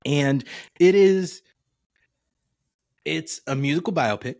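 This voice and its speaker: A man co-hosting a podcast in casual chat, relaxed and rambling, with frequent "uh" and "um". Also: fairly high pitch, slow, vocal fry, no room sound. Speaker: podcast co-host.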